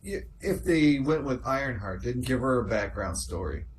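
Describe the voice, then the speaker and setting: Male co-host, mid pitch, dry quips, faint background noise. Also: expressive, normal speed, poor audio. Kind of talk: livestream chat.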